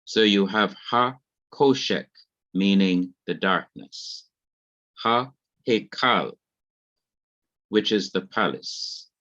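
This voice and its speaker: Slow, low-voiced man teaching grammar. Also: animated, a bit bright, dry recording. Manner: slow, deliberate, spells out terms and repeats examples. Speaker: Hebrew teacher. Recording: dull, lo-fi, dry recording.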